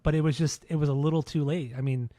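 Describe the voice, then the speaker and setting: A man's voice: a little high, steady tone, fast talker, dark tone, no room sound, clean studio sound. A man in his thirties hosting a casual podcast, rambling and swearing with lots of restarts. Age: 30s. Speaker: podcast host.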